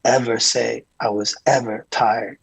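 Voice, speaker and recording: A man being interviewed as a guest, a tour manager telling calm, earnest stories with frequent restarts. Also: medium pitch, a little slow, creaky, slightly rough, no room sound, rough recording. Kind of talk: casual interview chat.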